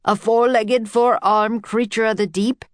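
A woman's voice: on the high side, steady tone, measured pace, no room sound, pitched above the performer's own voice, natural voice. A woman voicing a portly, jovial older male professor who talks as if giving a lecture. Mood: jovial lecturing. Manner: lecturing, pompous yet twinkly.

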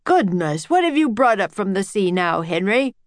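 A woman's voice: mid-range voice, very animated, normal speed, no echo, natural voice. A woman voicing a portly, jovial older male professor who talks as if giving a lecture. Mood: jovial lecturing. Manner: lecturing, pompous yet twinkly.

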